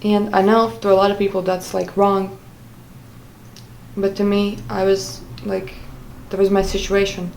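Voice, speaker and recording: A young woman speaks in a level, unvaried tone, pausing often as she searches for the right words. She tells her story casually and directly to camera. A faint hum of room noise sits underneath. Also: mid-range voice, monotone, creaky, darkish tone, poor audio. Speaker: vlogger.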